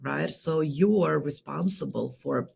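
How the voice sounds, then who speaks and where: Husky woman coach, gravelly, rhetorical. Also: sits low, measured pace. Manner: energetic, rhetorical, keeps asking "right?". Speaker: host and leadership coach. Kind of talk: solo livestream talk.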